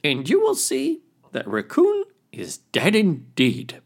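A man voicing a small male crayfish in a storybook tale, with a high, squeaky voice that turns from timid to bragging. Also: huge pitch swings, slow, slightly rough, full character voice. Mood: boastful.

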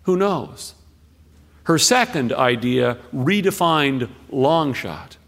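A man reading a listener's story aloud on the radio, measured and expressive, with deliberate pauses. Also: mid-range voice, long reverb tail.

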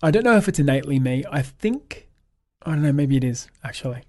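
A man's voice: medium pitch, expressive, quick pace. Upbeat Australian man, chatty storyteller. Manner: upbeat storyteller, acts out quoted dialogue, laughs often. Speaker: guest. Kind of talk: casual interview chat.

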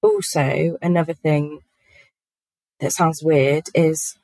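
Guest spot: low-pitched woman, chatty and giggly, dry close-mic sound. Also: flat delivery, takes it slowly, warm tone, no room sound, rough recording. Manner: giggly, chatty, many fillers. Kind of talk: casual podcast chat.

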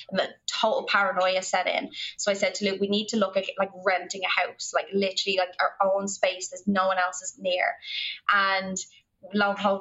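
A woman's voice: mid-range voice, pushed and bright. A young Irish woman telling a story as a podcast guest in a rambling way, full of "like". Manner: rambling, filler-heavy, lots of "like". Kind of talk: storytelling in casual conversation. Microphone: remote call. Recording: lo-fi remote call audio.

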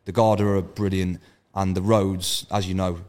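A man with a low, slightly mellow voice and flat delivery speaks at a moderate pace as a guest on a casual podcast. An event organiser, he tells brash road-trip stories loaded with swearing.

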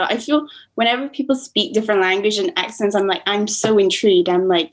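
A woman's voice: medium pitch, fairly even intonation, a little fast, few pauses, low-quality recording. A woman in her twenties with a slight American accent, a student chatting as a podcast guest, often quoting herself and laughing easily. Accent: American-tinged. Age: 20s. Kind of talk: casual conversation.

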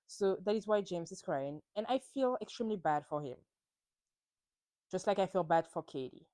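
Animated woman recapping reality TV. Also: fairly low pitch, moderate pace, no room sound. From France. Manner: opinionated and animated, acts out quotes. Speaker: podcast host. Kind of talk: solo recap chat.

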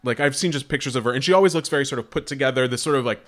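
A man's voice: mid-range voice, rapid-fire. A man co-hosting a podcast, chatting casually in a hesitant, wry, rambling way. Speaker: podcast co-host. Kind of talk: casual chat.

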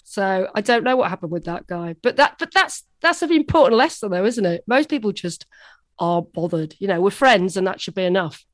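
A chatty woman tells stories as a radio guest in a mid-pitched voice. She pokes fun at herself, and her voice is recorded dry and close, with no room echo. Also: expressive, brisk. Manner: chatty, anecdotal, laughing at herself. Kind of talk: casual interview chat.

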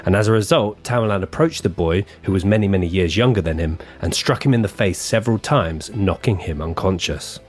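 Deep-voiced man narrating a true-crime podcast. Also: fairly quick, hardly any pauses, a little mellow, soft background music. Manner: reads a script with offhand asides and banter. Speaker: podcast co-host.

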